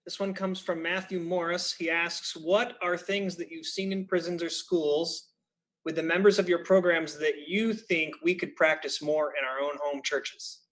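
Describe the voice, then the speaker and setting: A man's voice: fairly high pitch, fairly even intonation, unhurried, a bit bright. A man hosting, politely reading out audience questions to a guest.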